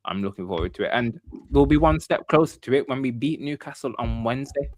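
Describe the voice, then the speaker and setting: A man's voice: mid-range voice, lively intonation, quick pace, dry recording, studio quality. A man hosting a casual football fan podcast, upbeat and prone to repeating his phrases. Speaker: podcast host.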